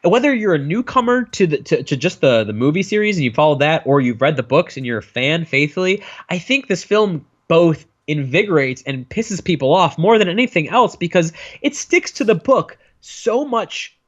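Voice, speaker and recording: A man co-hosting a casual film review chat, animated and swearing freely. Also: fairly high pitch, normal speed, hardly any pauses. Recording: dull lo-fi sound.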